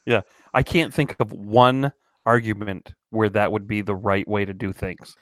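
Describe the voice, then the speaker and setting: Male podcast co-host, wry joker, mid-pitched voice, dry sound. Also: steady tone, measured pace, a bit bright, dry recording. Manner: wry, joking banter. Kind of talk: casual chat.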